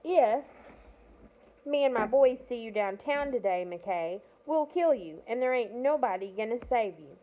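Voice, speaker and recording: Woman putting on a teenage bully boy, menacing, raised and loud, tinny phone-like sound. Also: on the high side, big pitch swings, unhurried, few pauses, exaggerated voice.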